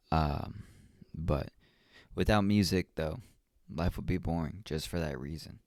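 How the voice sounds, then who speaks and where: Young male podcast host, slow and rambling, reflective, dry close sound. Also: extremely low pitch, darkish tone, no echo. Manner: rambling and reflective, with many ums and restarts. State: yawning often. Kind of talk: casual solo podcast talk.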